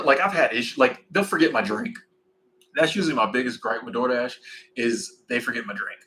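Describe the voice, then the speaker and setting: A man in his forties chatting casually on a livestream, rambling and animated. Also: mid-range voice, brisk, rough recording. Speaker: livestream host.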